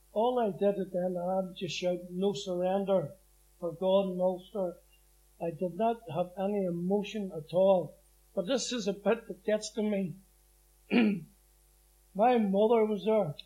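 A middle-aged former prisoner gives a plain-spoken, vivid personal testimony, acting out the voices and quotes in his story. His voice is high-pitched and warm, though the audio quality is poor.

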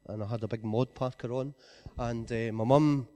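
Scottish guy giving his testimony, earnest and low-key, mid pitch, drops right down quiet a lot. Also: fairly even intonation, normal speed. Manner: earnest storytelling, often falls quiet. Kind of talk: personal testimony.

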